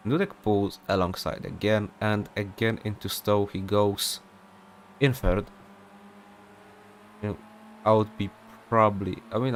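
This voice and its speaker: A man's voice: fairly low pitch, a little hiss or hum. A young man commentating an online sim race in a casual, rambling way, with many fillers and off-topic asides.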